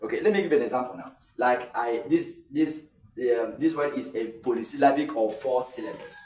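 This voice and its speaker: A man's voice: mid-range voice, a little fast, a little mellow, far from the mic, faint music behind. Male tutor, walks students through stress rules step by step, recorded in an echoey room a bit away from the mic. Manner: explains step by step, counting syllables aloud, frequent fillers and restarts. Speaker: English tutor. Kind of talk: exam-prep lesson.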